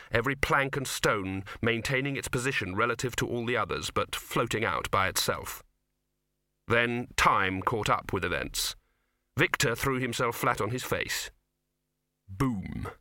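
This audiobook is narrated from a script by a man with a medium-pitched voice, whose storytelling stays steady and measured. There's no room sound, and the recording is studio quality.

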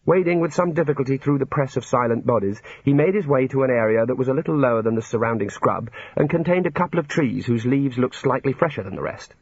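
A man's voice: medium pitch, quick pace, hardly any pauses, a little mellow, slightly rough, no room sound. A man narrating a comic fantasy novel in a dry storytelling manner. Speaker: audiobook narrator. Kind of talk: scripted narration. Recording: dull lo-fi recording.

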